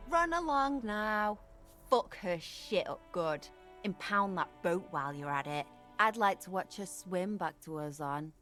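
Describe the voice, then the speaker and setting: Snarky swearing street painter girl, taunting the cops, slow drawl, game audio w faint music. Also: fairly low pitch, animated, fairly bright tone. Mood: sneering. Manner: sneering, taunting, swears a lot. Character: foul-mouthed young woman graffiti painter, hostile. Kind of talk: video game voice acting.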